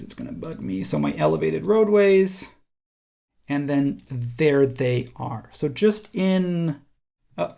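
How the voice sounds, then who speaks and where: A man teaching a software design tutorial, thinking aloud casually as he works on screen. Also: on the high side, vocal fry. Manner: relaxed, thinking aloud while working. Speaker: instructor.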